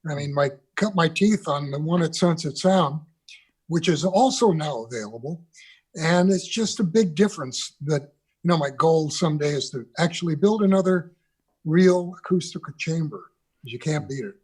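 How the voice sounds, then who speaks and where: A man's voice: a little high, animated, normal speed, a little mellow, slightly rough. An older man, a guest on a video call interview, reminiscing about recording sessions with loose restarts. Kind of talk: conversational interview.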